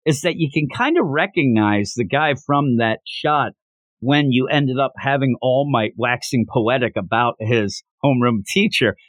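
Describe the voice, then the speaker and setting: A man hosting a podcast, recapping a manga chapter in an animated, enthusiastic way. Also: on the high side, dry recording. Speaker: podcast host.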